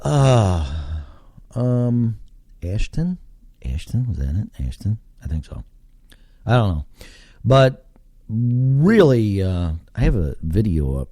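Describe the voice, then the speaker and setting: Rambling man, low and slow. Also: dark tone, no echo, clean studio sound. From Texas. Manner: rambling, thinks aloud, swears casually. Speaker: podcast host. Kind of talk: casual solo podcast chat. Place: home basement.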